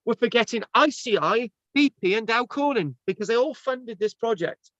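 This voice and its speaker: A man's voice: extremely high pitch, expressive, moderate pace, fairly bright tone, no room sound. A man hosting a casual video call chat, talking in a rambling way with many restarts and fillers. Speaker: presenter. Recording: dull lo-fi video call audio.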